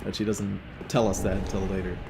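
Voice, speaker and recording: A man's voice: low-pitched, little pitch movement, fairly quick, gravelly, over music. A young man hosting a gameplay video, casually telling a long rambling story with plenty of swearing. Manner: profane, rambling, chatty. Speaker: let's play host.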